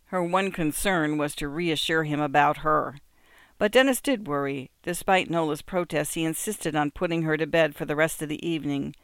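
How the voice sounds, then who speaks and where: A man narrating an audiobook in a measured, even storytelling manner. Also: fairly high pitch, clean tone, no echo, clean studio sound.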